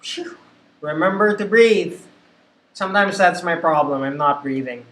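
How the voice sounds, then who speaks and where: A woman, a call center trainer, leading a pronunciation drill and reading words one by one, slowly and deliberately. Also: lowish voice. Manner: slow, deliberate word-by-word reading. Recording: echoey room.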